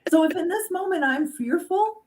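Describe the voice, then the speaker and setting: A woman guest speaking earnestly and reflectively in a casual conversation, pausing to stress key words. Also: extremely high pitch, animated. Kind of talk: casual conversation about grief.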